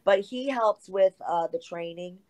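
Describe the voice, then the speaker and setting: A middle-aged woman, a former wrestler, telling a lively anecdote as an interview guest, full of asides and fillers. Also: mid-range voice, measured pace, a crowd in the background. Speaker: guest, retired pro wrestler. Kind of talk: storytelling in an interview.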